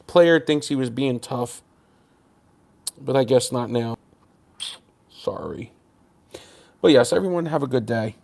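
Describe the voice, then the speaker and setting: Gravelly man ranting on a livestream. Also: medium pitch, animated, unhurried, long pauses, a little mellow. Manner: ranting, blunt and confrontational with swearing; sarcastic, mocks viewers in chat. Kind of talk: livestream monologue to chat.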